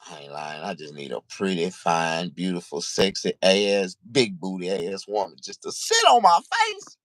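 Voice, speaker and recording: Brief: deep, lively middle-aged man, profane rambling vlog rant, dry close recording. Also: normal speed, no room sound. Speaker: vlogger. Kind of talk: casual ranting monologue.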